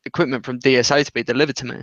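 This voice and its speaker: A man's voice: mid-range voice, fairly even intonation, racing, a bit bright, no room sound. Young English guy, rambling sweary chat, dead dry, slightly muffled mic. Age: young adult. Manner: sweary, rambling, laughs often. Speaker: podcast co-host. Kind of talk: casual chat.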